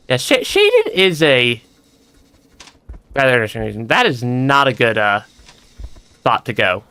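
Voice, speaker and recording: Young male streamer, bright tone, lively pitch, stammery casual game commentary, laughs often, dry close mic. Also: slow pace, long pauses, smooth, dry recording. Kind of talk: casual let's-play commentary.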